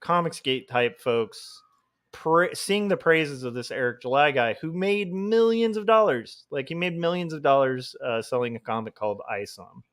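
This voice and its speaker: A man's voice: on the high side, animated, moderate pace, a bit bright. Rambling man thinking aloud while drawing. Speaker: comic artist streaming his work. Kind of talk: casual livestream chat while drawing.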